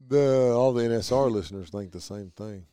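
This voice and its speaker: A very low-pitched man with a drawl hosts a laid-back podcast chat. He rambles enthusiastically and jokes as he goes. The recording is close and dry. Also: a little fast, warm tone, clear, resonant tone, dry recording. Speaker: podcast host. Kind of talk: casual chat.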